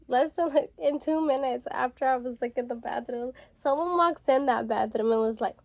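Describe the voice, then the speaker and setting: Young woman, casual vlog storytelling, filler-heavy, slightly high pitch, dry close recording. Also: fairly quick, gravelly, hardly any pauses, dry recording. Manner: chatty, rambling, filler-heavy with frequent "like". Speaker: vlogger. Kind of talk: casual storytelling while getting ready.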